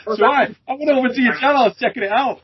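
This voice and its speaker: Jokey man interviewer, husky voice. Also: very high-pitched, fast talker. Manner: jokey, laughs often, says "mate" and "son". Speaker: interviewer and channel host. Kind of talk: casual interview. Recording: muffled lo-fi audio.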